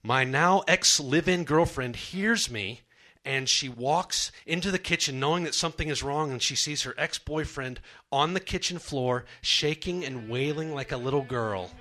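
A man's voice: a little high, moderate pace, sharp tone. A young man performing a true story on a comedy stage, dramatic and self-mocking.

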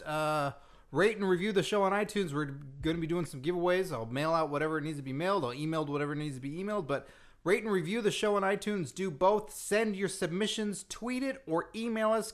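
A man's voice: sits high, a little fast, fairly bright tone. Joking, profane male podcast co-host. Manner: profane, joking, rambling with fillers. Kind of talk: casual podcast banter.

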